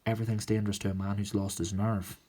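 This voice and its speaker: A man voicing a determined young woman submarine pilot in a forceful, defensive manner, as a whispered role-play. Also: fairly low pitch, level tone, fast, lightly acted. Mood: challenging.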